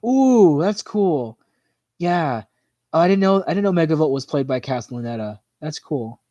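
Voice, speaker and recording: A man hosting a livestream in a casual, rambling chat, filling his talk with "like" and "you know" as his voice tires and goes hoarse. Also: medium pitch, a little mellow, no room sound, lo-fi sound. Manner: rambling, full of "like" and "you know", quick laughs. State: voice tiring and hoarse. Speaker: livestream host. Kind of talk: casual chat reacting to viewer comments.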